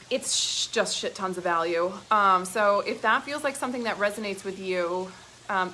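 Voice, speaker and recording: A woman coaching her followers on a live stream, swearing freely and pressing every point hard. She sits at a middle pitch, talks in a gushing, excited rush broken by fillers, and a faint hum of noise lies under her voice. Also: poor audio. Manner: emphatic and profane, with frequent fillers. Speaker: business coach. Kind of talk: live-stream pep talk.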